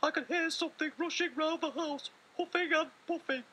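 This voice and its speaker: A man voicing a small, anxious young male mouse who can't sleep and keeps calling out in a high, pleading voice. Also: fairly even intonation, a little fast, bright, forceful tone, a little hiss or hum. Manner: high, pleading, squeaky calls.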